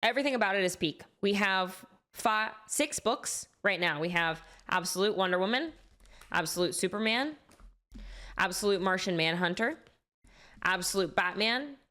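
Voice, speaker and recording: A woman's voice: mid-range voice, lively intonation, normal speed, bright, forceful tone. Enthusiastic, chatty woman streamer. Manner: enthusiastic, chatty, swears freely. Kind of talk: casual chat about comics.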